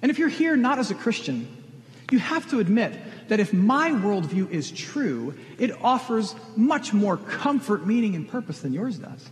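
Preaching at normal speed, a middle-aged pastor uses a high-pitched voice with big swings in pitch. He is earnest and direct, pushing questions at his congregation, with long large-hall reverb on the recording.

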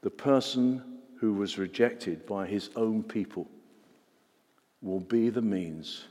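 In a church with long reverb, a man preaches a sermon earnestly, repeating words for emphasis and posing questions to the congregation. His voice is fairly low, slow, and dark in tone.

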